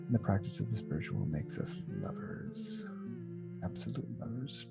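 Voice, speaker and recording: A man teaching a spiritual meditation workshop, talking in an unhurried, earnest way with frequent fillers and restarts. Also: mid-range voice, huge pitch swings, vocal fry, loud music behind the voice. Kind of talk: reflective spiritual workshop talk.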